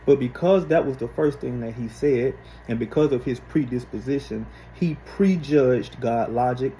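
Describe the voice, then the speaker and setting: A man with a mellow, darker voice at a middle pitch delivers an emphatic rebuttal. He talks slowly and deliberately, leaning on each point like a preacher. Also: a little hiss or hum, low-quality recording. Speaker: apologist rebutting commentary. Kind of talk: reaction rebuttal.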